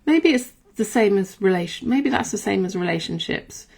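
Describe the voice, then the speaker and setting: Gravelly woman musing in rambling monologue. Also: medium pitch, animated, normal speed, a little mellow. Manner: rambling, musing, self-correcting. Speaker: podcast host. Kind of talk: reflective casual monologue.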